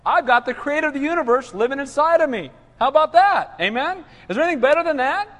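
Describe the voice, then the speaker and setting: A man preaching a sermon in an animated call-and-response manner. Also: extremely high pitch, fast talker. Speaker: pastor. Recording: reverberant hall.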